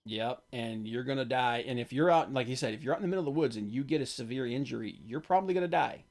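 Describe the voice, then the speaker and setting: A man hosting a podcast, talking about tabletop games in a halting, low-key way. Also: darkish tone. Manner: halting, many fillers and restarts, low-key. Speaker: podcast host.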